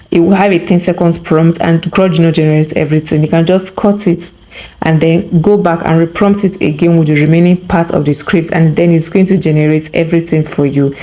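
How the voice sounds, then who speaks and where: A woman hosting a software tutorial, walking through steps and often checking in with a quick "okay?". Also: on the low side. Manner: instructive, tags remarks with "okay?". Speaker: tutorial host. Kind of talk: screen-recorded software tutorial.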